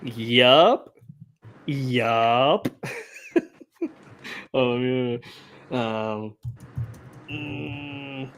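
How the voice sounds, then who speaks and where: A man co-hosting a laid-back streamed trivia show. He mulls over answers out loud, trailing into strings of ums and uhs. His voice sits in an ordinary middle pitch. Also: very slow, pauses often. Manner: thinks aloud with many fillers. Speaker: trivia contestant and co-host. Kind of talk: casual live-stream chat.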